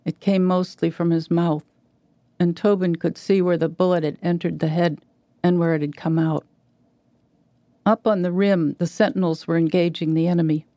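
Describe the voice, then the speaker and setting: A woman reading a literary short story aloud in a measured, even way. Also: on the low side, no room sound. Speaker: reader.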